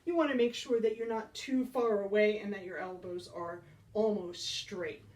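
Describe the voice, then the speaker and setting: A woman's voice: mid-range voice, fairly even intonation, moderate pace, a little mellow, far from the mic, slight background noise. A woman band teacher giving a beginner percussion lesson, upbeat and encouraging, counting beats aloud.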